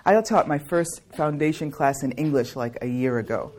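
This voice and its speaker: A woman's voice: sits low, normal speed, darkish tone. Chatty laughing woman speaking to an audience. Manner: chatty, joking, laughs often; rambling, with many restarts and fillers. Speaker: class facilitator. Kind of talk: casual talk to a live audience.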